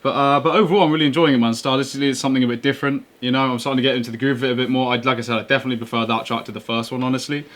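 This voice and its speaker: Fast-talking guy reacting to music. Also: mid-range voice, fairly even intonation, a bit bright. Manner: enthusiastic, slangy, rambling. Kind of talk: casual reaction commentary.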